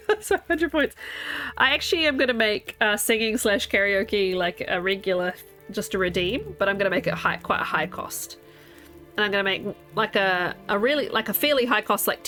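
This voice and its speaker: Streamer: New woman, bright and sharp-toned, chatty and giggly, rambles with chat. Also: medium pitch. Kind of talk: casual live-stream chat while gaming.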